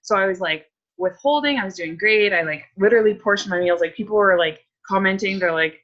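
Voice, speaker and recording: A woman's voice: mid-range voice, a little fast, a bit bright. Chatty woman coach, muffled audio. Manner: chatty, candid, many likes and ums. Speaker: fitness coach leading a group check-in. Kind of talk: casual group chat.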